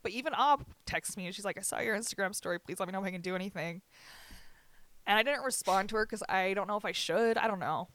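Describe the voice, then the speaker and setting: Soft-spoken woman with a dry sound. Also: medium pitch, no echo. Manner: candid, halting, quiet, many fillers and restarts. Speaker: podcast host. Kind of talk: casual chat.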